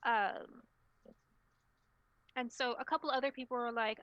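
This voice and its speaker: A woman narrating a tabletop game as storyteller, relaxed and rambling, with lots of filler sounds. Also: fairly high pitch, measured pace, pauses often, dry recording, dull audio.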